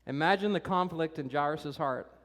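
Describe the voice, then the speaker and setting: Animated preacher in an echoing church. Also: male voice, a little high, moderate pace. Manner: animated, conversational, directly addressing kids and teenagers. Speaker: pastor. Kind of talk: sermon. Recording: reverberant church hall.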